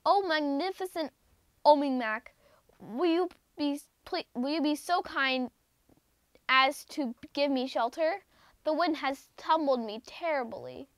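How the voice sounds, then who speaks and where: A woman's voice: sits high, a little slow, dry recording. A woman voicing a windblown, flustered snowy owl pleading for shelter in a storybook reading. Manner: flustered, effusive.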